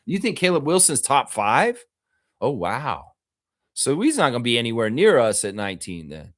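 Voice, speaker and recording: A man hosting a live basketball podcast, chatting and joking in an animated way with his viewers. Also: mid-range voice, normal speed, no echo, studio quality. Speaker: host of a basketball podcast livestream. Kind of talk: casual live commentary and chat.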